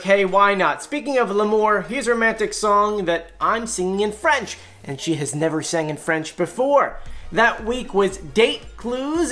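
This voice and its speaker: A man hosting his own video, talking through clues in a casual, excited way and shouting out when something thrills him. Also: high-pitched. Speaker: video host.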